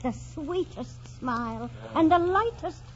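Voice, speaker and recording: An old family nurse, gentle and sorrowful, speaking softly and very slowly in a slightly high voice. She sounds motherly and patient. The recording is dull and lo-fi, with faint hiss. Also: animated. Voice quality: soft, motherly, unhurried. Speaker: housekeeper. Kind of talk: 1940s radio acting. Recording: dull lo-fi 1940s radio recording.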